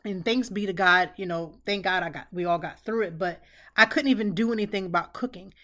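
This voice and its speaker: A woman's voice: medium pitch, fairly quick, fairly bright tone. A middle-aged woman hosting a podcast, giving casual advice in an earnest way and repeating phrases for emphasis. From Pennsylvania, United States. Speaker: podcast host.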